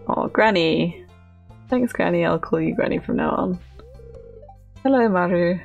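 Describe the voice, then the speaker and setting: A young woman talks her way through a farming game, chatty and quick to laugh. Her voice has a gravelly, fry-edged texture, with faint music playing underneath. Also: on the low side, expressive, darkish tone. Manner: chatty, giggly, talks to characters. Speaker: gaming channel host. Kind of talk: casual let's play commentary.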